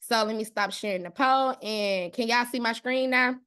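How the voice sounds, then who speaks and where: A woman in her thirties with a Mississippi accent hosts a live online class. Her voice sits high, and she talks in a loud, brash, cussing way that stays playful and chatty. She is recorded on a computer mic in a live video session. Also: moderate pace, smooth. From Mississippi, USA. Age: 30s. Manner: loud, profane, playful, talks straight to the chat. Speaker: host, online class teacher.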